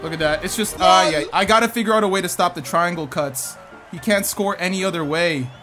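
A man giving lively commentary over his own basketball video game match, talking to himself and his viewers and breaking into sudden shouts. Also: sits high, fairly quick, over music. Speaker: gaming YouTuber. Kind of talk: live gameplay commentary.

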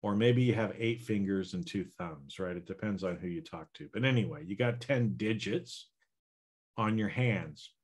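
A man's voice: fairly low pitch, normal speed, breathy edge. A man hosting a podcast, giving a casual motivational self-help talk and often checking in with "right?" and "okay?". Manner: casual, repeats "right?" and "okay?", coaching listeners. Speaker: podcast host.

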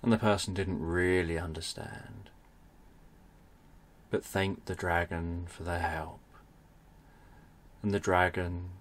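A man narrating a bedtime story for adults, speaking in a soft, soothing way. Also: low voice.

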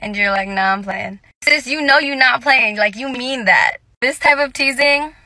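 Young woman w a bright higher voice, sassy dating tips, dry close sound. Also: moderate pace, no echo. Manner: sassy, direct, calls listeners sis. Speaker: dating advice TikToker. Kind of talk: casual advice to camera.

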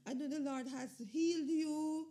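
A woman hosts a podcast and asks gentle, affirming questions. Her voice is high, with a gravelly edge of fry. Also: fairly even intonation, moderate pace. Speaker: podcast host. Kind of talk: interview questions.

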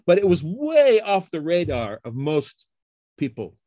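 A fairly high-pitched middle-aged man tells the story of his field in a casual interview. He talks in short, chatty bursts, tags his points with "okay?", and slips into quoted voices of colleagues. The sound is dry and close, with no room echo. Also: huge pitch swings, a little slow, mellow. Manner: explains with frequent tag questions like okay and huh. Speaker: computer science professor, guest.

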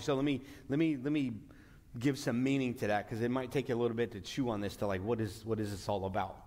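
A man's voice: mid-range voice, steady tone, fast, darkish tone. A man preaching a sermon as pastor, earnest, often restarting and stretching out key words for emphasis. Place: church sanctuary. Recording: long hall reverb.

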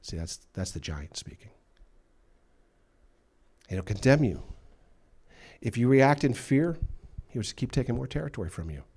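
A man's voice: medium pitch, big pitch swings, moderate pace, long pauses, darkish tone, slightly rough. A male pastor delivering a sermon with emphatic delivery, acting out the voices he quotes. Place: church.

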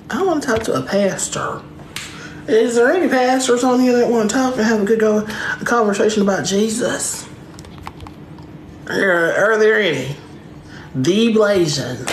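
A woman's voice: medium pitch, lively intonation, unhurried, pauses often. A woman with a Southern US accent, talking on a video call in a sassy, mock-pious and profane way. Her voice rings in an echoey room, and faint background noise sits under it. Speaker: prankster in random video chats. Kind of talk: in-character trolling chat.

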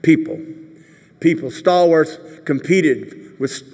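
A man's voice: a little high, takes it slowly. A man giving a commencement speech as a string of anecdotes, with joking asides and acted-out voices. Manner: animated storyteller, jokey asides, acts out quoted voices. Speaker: commencement speaker. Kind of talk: commencement speech told through rambling anecdotes. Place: large ceremony venue. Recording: long reverb of a big hall.

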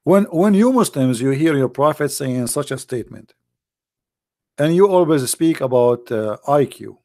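A man's voice: medium pitch, animated, moderate pace, darkish tone, dry recording, clean studio sound. A man hosting a livestream who mocks and taunts his viewers in a sarcastic way, often laughing and reading their chat comments aloud. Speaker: livestream host.

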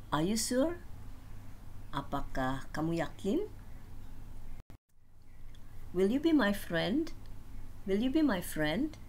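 A woman with a lowish voice reads short practice sentences as a language teacher, saying each one twice at an unhurried pace. A faint hiss sits under the recording. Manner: slow, deliberate repetition of each sentence. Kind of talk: reading phrase drills.

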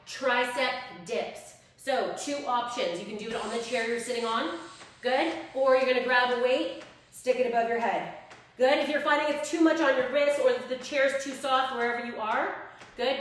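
A woman instructor leading a live workout class, upbeat and encouraging, counting reps and a little out of breath. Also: on the high side. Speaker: fitness instructor. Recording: echoey room, mic at a distance, music behind.

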